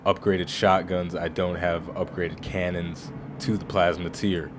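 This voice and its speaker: A man with a low voice gives casual let's-play commentary over his game. He rambles in a chatty way and often restarts his phrases mid-sentence. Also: flat delivery, measured pace, background noise. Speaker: gaming channel host.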